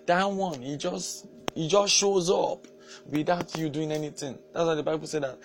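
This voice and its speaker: A man's voice: medium pitch, slight background noise. A male pastor and counselor preaching a sermon emphatically, repeating key phrases and using fillers as he goes.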